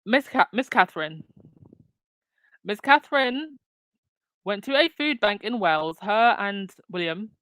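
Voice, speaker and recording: A woman's voice: medium pitch, animated, moderate pace, hardly any pauses, a bit bright, clean tone, no room sound. A woman hosting her own commentary channel, talking casually with lots of fillers and restarts. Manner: chatty, many fillers and restarts. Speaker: channel host.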